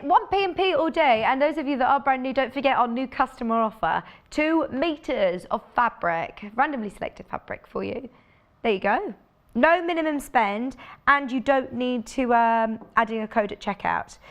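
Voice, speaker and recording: Lady on a shopping channel, bit high voice, chatty and keen. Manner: chatty and enthusiastic, asides to off-camera crew. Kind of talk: live home shopping sales talk. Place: TV studio.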